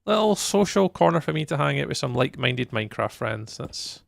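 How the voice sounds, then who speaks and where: A man's voice: medium pitch, big pitch swings, fairly quick, creaky, dry recording, studio quality. A Scottish man streaming a game live, chatting casually with viewers in a rambling way and laughing easily. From Scotland. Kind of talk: casual chat while playing a game live.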